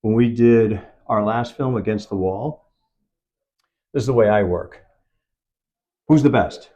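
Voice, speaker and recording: A man's voice: lowish voice, measured pace, warm tone. A man, a film producer, talking in an on-set interview and acting out quoted dialogue as he tells his story. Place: event set.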